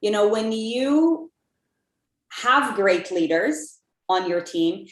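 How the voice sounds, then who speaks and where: A woman sharing reflections as a podcast guest, in a mid-pitched voice. She talks casually with fillers. The audio has a roomy, echoey sound. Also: animated, slow. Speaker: interview guest. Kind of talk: casual interview chat.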